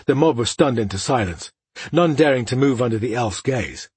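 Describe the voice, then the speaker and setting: A man reading fantasy narration for an audiobook, in an even, steady way. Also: mid-range voice, normal speed, breathy edge, dry recording.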